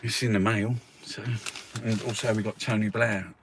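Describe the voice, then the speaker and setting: A man's voice: lowish voice, fairly even intonation, normal speed, slight background noise. A man hosting a casual newspaper review, rambling and swearing freely, with frequent laughs. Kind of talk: casual chat.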